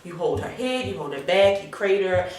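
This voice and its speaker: A woman hosting a casual TV episode recap, talking in an animated, profane way and acting out the characters' lines. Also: lowish voice, brisk. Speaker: TV recap host. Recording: echoey room, distant mic, faint noise.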